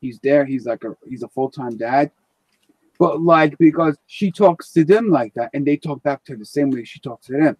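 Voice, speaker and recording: Guy hosting a late-night stream, kinda high voice, blunt and sweary, dry close sound. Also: normal speed, darkish tone, husky, no room sound. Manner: blunt, swears freely, rambling. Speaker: live-stream host. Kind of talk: casual live-stream chat.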